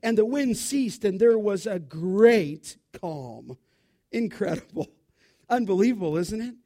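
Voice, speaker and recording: A male preacher with a strikingly high voice, delivering a sermon. He talks in an animated, emphatic way and keeps it conversational, tossing rhetorical questions at his listeners. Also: measured pace.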